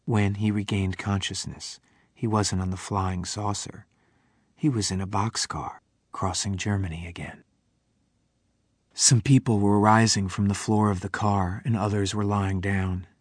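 A man reading a novel aloud in a measured way, sometimes dropping to a whisper. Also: lowish voice, fairly even intonation, husky, dry recording. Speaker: audiobook narrator. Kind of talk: scripted narration of a novel.

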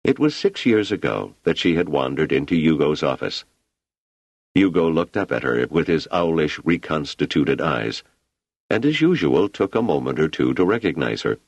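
A man narrating an audiobook with an expressive, dramatic reading. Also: a bass voice, normal speed, dry recording, highs cut off.

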